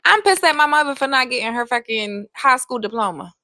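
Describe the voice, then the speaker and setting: A woman hosts her own podcast, talking straight into a close mic in a bright, forceful, fairly high voice. Her delivery is raw and emphatic, heavy with swearing and driven by repeated phrases. The sound is dry and close. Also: expressive, fairly quick, dry recording. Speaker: podcast host. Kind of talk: solo confessional podcast monologue.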